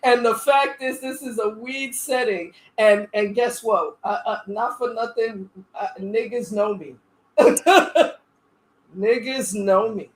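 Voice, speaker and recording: A woman's voice: on the high side, slow pace. A woman podcast host telling a story in casual, profane chat, animatedly acting out the other people in it.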